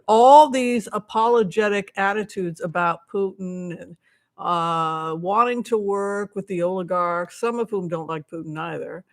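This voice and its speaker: With a mid-range voice, a woman hosts an easygoing live stream as a tarot reader. She chats in a rambling manner packed with asides, answering viewer questions and thanking people who donate.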